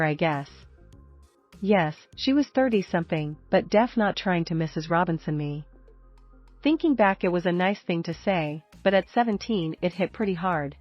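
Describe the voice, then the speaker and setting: A woman with a fairly low voice reads story posts in a steady, even manner. The recording is dull and lo-fi, with faint music underneath. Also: dry recording. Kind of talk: scripted narration of reader posts.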